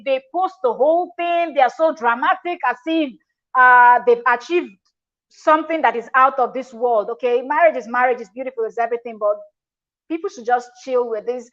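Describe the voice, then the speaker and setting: A woman's voice: high voice, a bit bright, highs cut off. A woman hosting a reaction video, talking in a chatty, emphatic way with frequent restarts. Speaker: reaction channel host. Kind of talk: casual reaction commentary.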